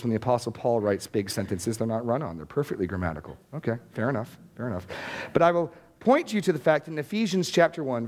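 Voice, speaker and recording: A man preaching a sermon, reading scripture aloud with deliberate emphasis and putting questions to the congregation in a plain conversational way. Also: fairly high pitch. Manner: plain conversational delivery with restarts. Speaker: pastor.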